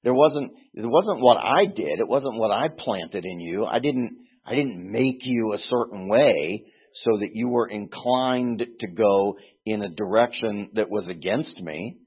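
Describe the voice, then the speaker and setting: A man's voice: lowish voice, lively intonation, a little slow, breathy edge. A man teaching through a Bible passage in an earnest, explanatory way, often restarting phrases and pressing hard on key words. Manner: earnest, explanatory, with frequent restarts and emphatic stresses. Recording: tinny phone-like recording.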